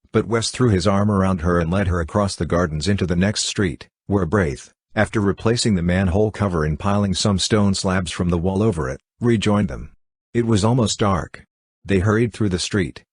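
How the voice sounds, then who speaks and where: Deep husky male audiobook narrator. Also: dry recording. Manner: steady, measured reading of classic fiction. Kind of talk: scripted narration.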